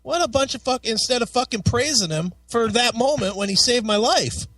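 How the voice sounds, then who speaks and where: A man with a fairly high voice, talking bluntly and cursing in nearly every sentence. He sounds a little off the mic, in a dry room with no echo. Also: expressive, moderate pace, a bit bright, far from the mic, faint music behind. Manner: blunt and heavily profane. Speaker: podcast co-host. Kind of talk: casual chat.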